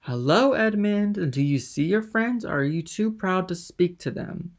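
A man's voice: medium pitch, a little fast, gravelly. A man voicing a drunken, envious sailor who talks with boisterous, slurring tavern bluster. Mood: rowdy, drunk. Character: drunken envious middle-aged male sailor.

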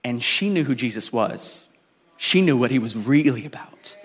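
A man preaching a sermon in a casual, conversational way, telling a story with lively voices for the people in it. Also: mid-range voice, normal speed, breathy edge. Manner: informal and conversational, with restarts. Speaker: pastor.

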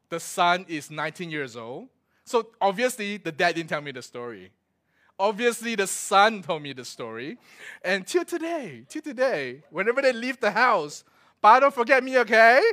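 A man's voice: high-pitched, pushed and bright. A male pastor, preaching a sermon full of stories, laughing as he acts out quotes. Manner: storytelling with laughs and acted-out quotes.

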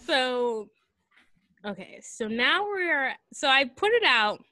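Giggly rambling woman, fairly high voice. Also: very animated, slow pace, bright, forceful tone, dry recording. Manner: rambling, giggly retelling with many fillers and acted quotes. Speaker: podcast co-host recapping a film. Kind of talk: casual chat.

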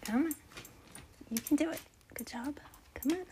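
A woman talking softly to her dog in a coaxing, praising way, first outdoors in the rain and then heading indoors. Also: sits high, moderate pace, slight background noise. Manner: soft, coaxing pet talk with frequent praise. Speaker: podcast host. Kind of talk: casual talk to her dog.

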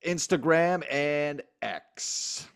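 A man's voice: a little high, extremely slow, a bit bright, smooth. A man co-hosting a casual sports podcast, joking and emphatic. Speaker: podcast co-host.

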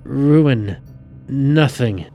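A man's voice: medium pitch, expressive, very slow, pitched above the performer's own voice. A man voicing a distressed woman who mumbles fearful fragments, with faint music behind. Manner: rambling, frightened, breaking into shouts.

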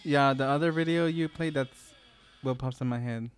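A man's voice: mid-range voice, normal speed, soft background music. Joking young man podcast co-host. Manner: joking, rambling, swears casually. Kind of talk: casual chat.

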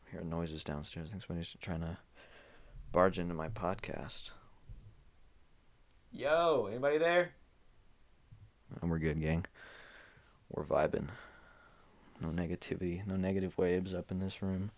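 A man's voice: low-pitched, little pitch movement, normal speed, pauses often, darkish tone. A young man, hosting a casual rambling solo podcast from a small home room full of pillows, sounding groggy and just woken up. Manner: loose, unscripted, drifting between topics with many fillers. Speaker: podcast host.

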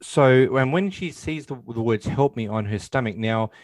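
A man's voice: mid-range voice, animated, moderate pace, dry recording. A man co-hosting a casual film discussion, retelling scenes and acting out lines, with many fillers. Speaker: podcast co-host.

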